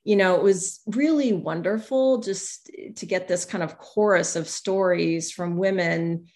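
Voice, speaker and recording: Female interview guest, low-ish voice, candid and reflective, voices quoted remarks. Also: a little slow, a little mellow. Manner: reflective, often acts out what others said. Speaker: guest, newspaper columnist.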